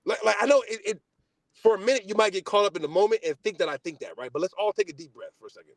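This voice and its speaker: Young male podcast host, high and lively pitch, boastful and profane rant, dry close sound. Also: very fast, no echo. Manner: animated, boastful, profane, swings between loud and low mutters. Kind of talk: heated casual podcast rant.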